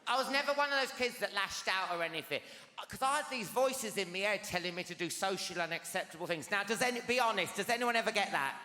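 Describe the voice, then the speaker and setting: This comedian, a man in his forties, speaks fast in a high-pitched, expressive voice, with only slight background noise. He performs stand-up on a large theatre stage, telling stories in an animated, confiding way and often asking the audience tag questions. The live theatre capture is roomy, and the crowd's laughter is loud.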